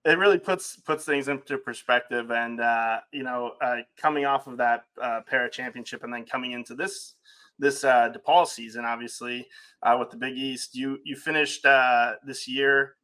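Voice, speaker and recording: A man's voice: mid-range voice, steady tone, normal speed, pushed and bright. A man hosting a podcast interview, asking long questions with many "uh"s and restarts. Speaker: podcast host.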